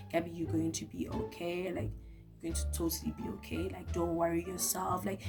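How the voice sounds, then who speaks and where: Young woman, storytime vlog, lively and direct, lowish voice. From South Africa. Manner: animated, talks straight to the viewer. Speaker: vlogger.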